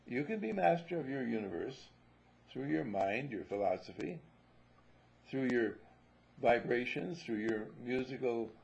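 A man with a gravelly, husky voice gives a musing spiritual talk full of stories and small restarts. The recording is dull and lo-fi. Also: mid-range voice, mellow. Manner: musing, storytelling, repeats himself. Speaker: spiritual teacher.

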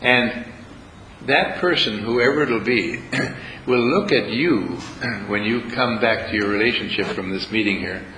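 A man's voice: lowish voice, a little slow, bright, forceful tone, reverberant, slight background noise, rough recording. A man leading a spiritual retreat, talking live to a room audience in a playful, teasing way. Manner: playful, teasing, acts out little scenes with voices.

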